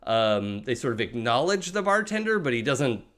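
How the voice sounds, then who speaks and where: A man's voice: mid-range voice, sing-song, moderate pace, fairly bright tone, clean tone. A young adult man narrating a tabletop role-playing game as game master, with many fillers and restarts.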